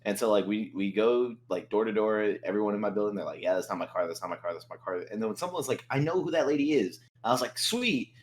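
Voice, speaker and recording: A man's voice: fairly low pitch, expressive, quick pace, few pauses, darkish tone, a little hiss or hum, low-quality recording. A young man, co-host of a podcast, telling a story in casual chat, acting out quotes and swearing a lot.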